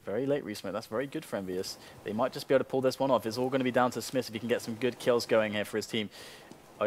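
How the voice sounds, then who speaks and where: A man doing live play-by-play commentary on an esports match. He explains the game calmly and builds to excited bursts on big plays. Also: medium pitch, fast talker, a little hiss or hum.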